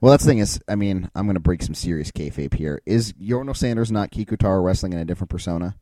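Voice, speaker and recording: A podcast co-host with a low, mellow voice talks fast in casual chat, with no echo. He's laid-back and tends to hedge his points with questions.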